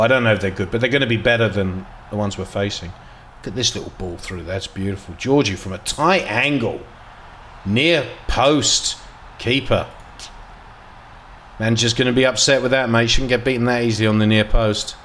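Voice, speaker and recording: A man giving casual, excitable commentary while playing a football management game, dropping to mutters and jumping to loud outbursts. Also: mid-range voice, a little fast, a little hiss or hum. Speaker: gaming video host.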